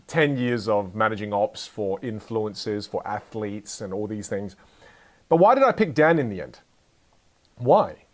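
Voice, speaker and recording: A young man giving a lively motivational talk on communication skills, joking and chatting with his audience. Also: lowish voice. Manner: energetic, playful, jokes with the audience. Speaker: speaker teaching communication skills.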